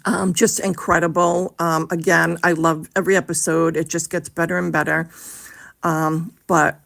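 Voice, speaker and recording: A middle-aged woman leaving a chatty voice message for a podcast. She gushes, swears casually and fills her pauses with lots of ums. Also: fairly low pitch, flat delivery, vocal fry, a bit bright. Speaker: listener sending in a voice message.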